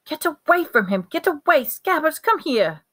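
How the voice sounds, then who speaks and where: A woman reading aloud and voicing a frightened, agitated teenage boy, yelling in a shrill, frantic way. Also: animated, unhurried, lightly acted.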